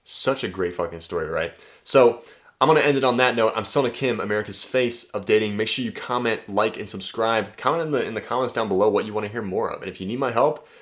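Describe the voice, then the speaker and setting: A man's voice: lowish voice, fast talker, a bit bright. A man coaching on dating in a casual vlog monologue, blunt and profane, tagging his points with "right?".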